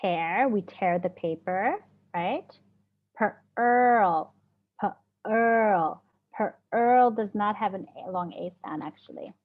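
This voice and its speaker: Slow-paced woman teaching a class. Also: mid-range voice, expressive. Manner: patient, encouraging, sounds out words slowly. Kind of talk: classroom phonics lesson. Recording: dull lo-fi classroom audio.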